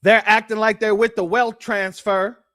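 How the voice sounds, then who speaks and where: A man's voice: sits high, level tone, moderate pace, pushed and bright, no echo, clean studio sound. A man hosting reaction commentary, talking bluntly and sardonically to his viewers. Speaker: commentary host.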